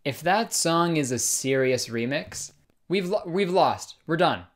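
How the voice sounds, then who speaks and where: A young man giving comic commentary in an excitable, sarcastic way, swearing often. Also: a little high, a little slow. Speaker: comedy YouTuber. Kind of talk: comedic commentary.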